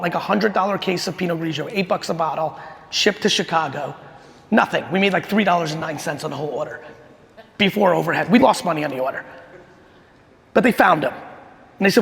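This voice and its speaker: A middle-aged man giving a keynote talk, telling a story in a fast, punchy, profane way. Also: high-pitched, gravelly, a bit bright. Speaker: keynote speaker. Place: large conference hall. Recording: long hall reverb from a stage.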